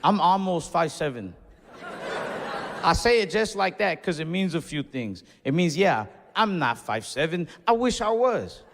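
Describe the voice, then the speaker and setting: Man doing stand-up, casual and cursing, slightly high voice, long club reverb, faint crowd. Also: sing-song, moderate pace, hardly any pauses. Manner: casual, profane, exasperated. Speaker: stand-up comedian. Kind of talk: stand-up comedy storytelling. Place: comedy club stage. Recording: reverberant venue with faint audience noise.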